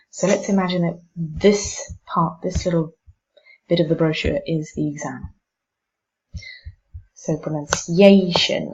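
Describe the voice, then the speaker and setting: Woman, teacher, pronunciation lesson, deliberate demonstrations, muffled recording. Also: on the low side, darkish tone, slight background noise. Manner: slow, deliberate demonstration of word stress. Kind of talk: pronunciation exam tips lesson.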